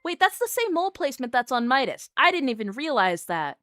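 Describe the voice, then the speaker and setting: Streamer girl cringing at her old stuff, bit high voice, super dry mic, animated and jokey. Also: fairly quick, dry recording. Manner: animated, self-mocking, yelps in embarrassment. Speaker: VTuber streamer. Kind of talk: casual live-stream chat.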